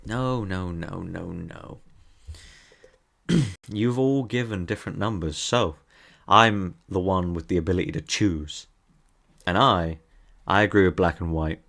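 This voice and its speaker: A man's voice: sits low, measured pace, a bit bright. A young man streaming from his desk, teasing his chat in a playful, casual way.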